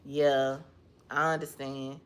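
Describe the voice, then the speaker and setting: A woman's voice: extremely low pitch, little pitch movement, slow, clear, resonant tone. A woman hosting a casual livestream chat, sleepy and yawning, laughing often as she talks with someone beside her. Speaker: livestream host.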